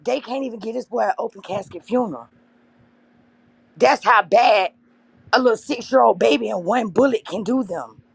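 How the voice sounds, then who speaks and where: Impassioned gravelly-voiced woman livestreaming. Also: on the high side, moderate pace. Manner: impassioned, addresses viewers as y'all. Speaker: livestream host. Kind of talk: emotional livestream talk to viewers.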